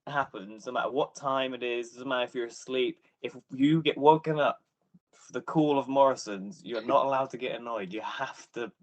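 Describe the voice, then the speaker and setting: Wry band member. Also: male voice, medium pitch, moderate pace. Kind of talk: casual chat.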